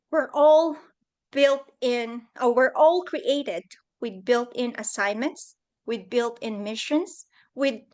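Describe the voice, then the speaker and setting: A middle-aged woman with a high voice speaks slowly and earnestly, sharing her story of leadership. She sounds heartfelt, leaning into the moments that matter to her. She comes through a computer on a video call. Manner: earnest, emotional, acts out quoted voices. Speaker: guest speaker. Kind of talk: personal leadership talk.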